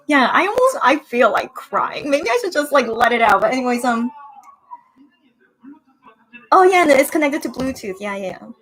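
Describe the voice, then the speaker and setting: Young female streamer, slightly high voice, emotional and chatty, reads chat aloud. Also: big pitch swings, normal speed, long pauses, fairly bright tone. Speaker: livestream host reacting with fans. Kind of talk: casual watch-party livestream.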